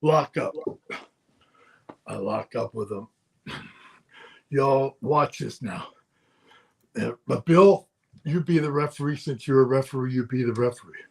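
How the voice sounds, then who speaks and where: A man's voice: mid-range voice, measured pace, gravelly, pauses often, darkish tone. An older man, a former wrestler, telling rambling anecdotes in casual podcast chat, often chuckling. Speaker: guest storyteller, former wrestler.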